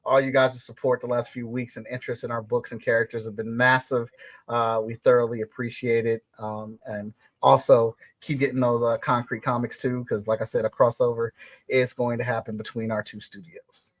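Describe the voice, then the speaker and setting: A man's voice: medium pitch, level tone, moderate pace, no room sound. Easygoing man as an interview guest. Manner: grateful, easygoing, many fillers. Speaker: comic book creator guest. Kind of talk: casual interview answers.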